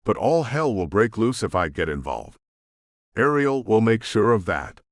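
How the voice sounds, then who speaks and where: A man narrating a romance audiobook in first person, with expressive storytelling. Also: on the low side, unhurried, no echo, studio quality. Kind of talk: scripted narration.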